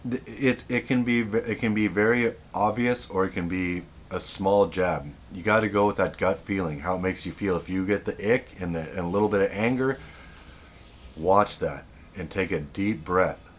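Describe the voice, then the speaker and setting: Male host, very low voice, earnest advice monologue with self-corrections, faint noise behind. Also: moderate pace. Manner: earnest, repeats himself, restarts sentences. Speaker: self-help video host.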